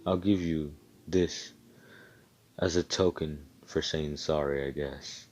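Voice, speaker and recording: A cold, taunting young swordsman who sneers and swears at his beaten enemies, speaking in a deep, low voice, as a man puts him on while telling a fan story. He talks with flat contempt. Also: takes it slowly, heavily acted. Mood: contemptuous.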